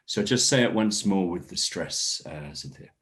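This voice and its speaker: A man leads an online English class over a video call. His voice sits fairly low, but his intonation swings widely as he models stressed sentences. He encourages each learner by name. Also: lively intonation, moderate pace, a bit bright. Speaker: English workshop teacher.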